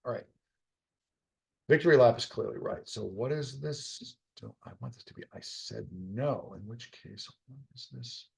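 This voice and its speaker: A man's voice: mid-range voice, normal speed, gravelly, darkish tone, husky. A tired middle-aged man muttering to himself as he solves a puzzle on a live stream, teasing the puzzle's setter. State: tired, yawning. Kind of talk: casual live-stream commentary while solving.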